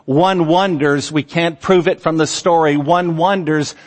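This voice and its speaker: A man preaching a sermon in a slow, earnest manner, letting his phrase endings fall soft and low. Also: fairly even intonation. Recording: long hall reverb.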